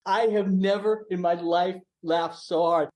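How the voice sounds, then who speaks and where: An older man from the American South, a guest in a podcast interview, telling animated showbiz stories and laughing often. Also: sits high, unhurried. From Southern US (Mississippi, born in Louisiana). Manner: laughs often, excitable, lively anecdotes. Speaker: guest, actor.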